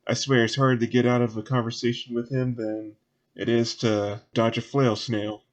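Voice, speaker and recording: A man puts on a drowsy female town guard with a thick Southern drawl. She talks in an easy, folksy way. The voice is only a touch higher than his own. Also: flat delivery, normal speed, natural voice.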